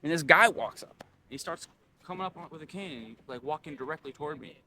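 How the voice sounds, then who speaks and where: A young man vlogging, telling a frustrated, swear-filled story in an animated, ranting way. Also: on the high side, brisk, a little hiss or hum.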